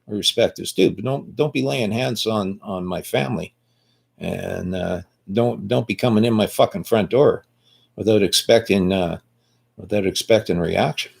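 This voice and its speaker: Older man, low husky voice, blunt and foul-mouthed, rambling casual monologue. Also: moderate pace. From Canada.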